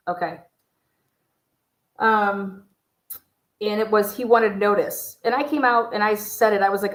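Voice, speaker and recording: A woman riffs through a casual livestream on true crime, blunt and profane, wandering from point to point with fillers. Her voice sits at an ordinary middle pitch. The room around her echoes. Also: fairly even intonation, a little slow, long pauses, a bit bright. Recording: roomy echo.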